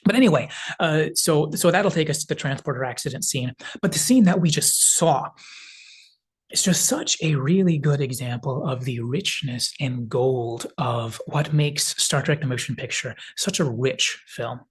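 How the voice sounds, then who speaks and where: A man narrates a film analysis video, talking through the scenes casually and leaning on loose filler phrases. His voice sits at an everyday middle pitch with a husky, slightly breathy grain. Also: normal speed. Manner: rambling retelling full of "kind of" hedges.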